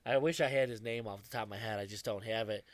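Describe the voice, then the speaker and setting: A man's voice: fairly low pitch, fast talker, dry recording. A young adult man co-hosting a podcast, telling stories in a casual, profane way and laughing often. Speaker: podcast co-host. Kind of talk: casual chat.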